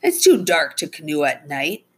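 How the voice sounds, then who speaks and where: A woman's voice: sits low, wildly swooping pitch, normal speed, a bit bright, full character voice. A woman voicing a stubborn, defensive male suspect who scoffs at accusations in a read-aloud story. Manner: defensive, sarcastic.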